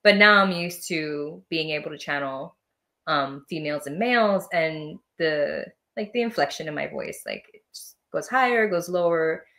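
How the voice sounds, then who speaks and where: Woman podcast guest, low-ish voice, animated, laughs often, acts out voices. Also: normal speed. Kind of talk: casual interview chat.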